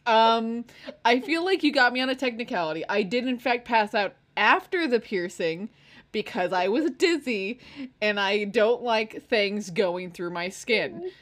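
A woman's voice: on the high side, lively intonation, a little slow, fairly bright tone. A young woman chatting casually with a friend in a podcast game, laughing often and telling stories with animation. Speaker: co-host. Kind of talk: casual chat.

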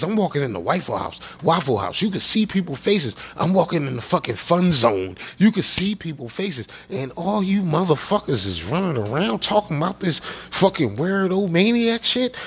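A man's voice: on the high side, husky. A man hosting his own show, ranting angrily with constant swearing and repeated phrases. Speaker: show host. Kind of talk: profane political rant.

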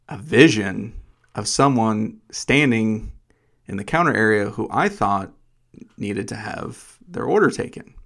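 A man's voice: lowish voice, creaky, fairly bright tone. A man hosting a casual podcast chat, playful and self-deprecating, telling stories with teasing humor. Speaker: podcast host.

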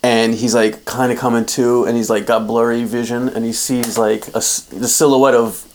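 A podcast co-host eagerly pitching scenes in an improvised comedy story. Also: level tone, moderate pace, darkish tone, slight background noise.

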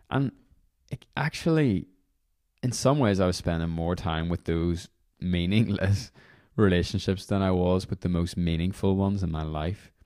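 A young man with a very low, deep voice hosts a devotional podcast. He talks in a loose, rambling way, apologizing for his tangents as he leads into guided prayer. The sound is dry and close-miked. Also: a little mellow, no room sound. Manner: casual, rambling, apologetic asides. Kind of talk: reflective podcast talk leading guided prayer.

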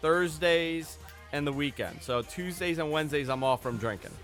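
A man's voice: on the high side, normal speed, a bit bright, soft background music. A man guesting on a podcast, self-deprecating and rambling, laughing easily. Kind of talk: casual podcast banter.

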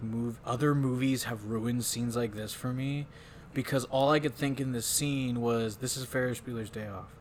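In a casual podcast chat, the mid-range-voiced host rambles through a film recap over slight background noise, cursing freely. He quotes the movie's lines using put-on voices.

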